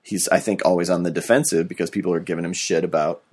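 A man's voice: low voice, fairly even intonation, quick pace, darkish tone, breathy edge. A man hosting a casual podcast, talking about films in a rambling, profane way. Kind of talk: casual film chat.

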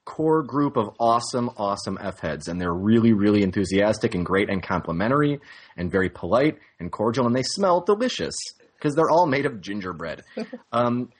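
A young man co-hosts a casual podcast with a very animated, up-and-down voice. He rambles and often corrects himself mid-sentence. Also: on the low side, moderate pace, husky. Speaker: podcast co-host.

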